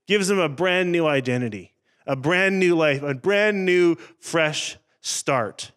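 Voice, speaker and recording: A man preaching a sermon in church, earnest and conversational, with dramatic pauses. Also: a little high, a bit bright, clean tone. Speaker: pastor.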